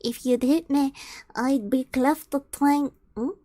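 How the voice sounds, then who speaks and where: A woman's voice: high voice, fairly even intonation, slow, warm tone, dry recording, studio quality. A woman voicing a brutish male ogre who taunts and gloats over his victim while she reads a story aloud. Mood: mocking. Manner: mocking, gloating, menacing.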